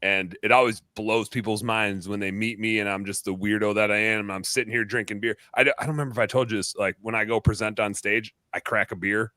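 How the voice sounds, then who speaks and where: Guy from wisconsin hosting a podcast, lowish voice but punchy and bright, rambling loose stories, dry close sound. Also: a little fast, few pauses, no echo. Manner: animated, rambling storyteller. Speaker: podcast host. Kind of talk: casual chat.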